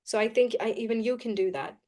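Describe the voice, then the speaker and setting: A woman teaching a live online class, brisk and coaxing, often repeating key phrases. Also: a little high, mellow. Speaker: English teacher.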